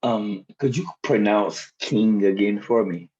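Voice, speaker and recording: Man, student, hesitant and polite, lowish voice, slow, muffled dull recording. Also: a little mellow. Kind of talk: question from the class.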